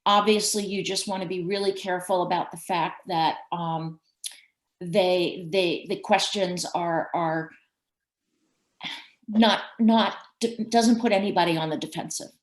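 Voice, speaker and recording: A woman's voice: lowish voice, steady tone, measured pace, echoey room, low-quality recording. A woman presenter giving advice on a webinar, checking in often with "okay?". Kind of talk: advising in a video call.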